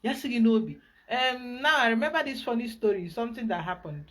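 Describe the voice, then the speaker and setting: A woman with a Nigerian accent, a spiritual guide giving an emphatic, animated teaching talk. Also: a little high, brisk.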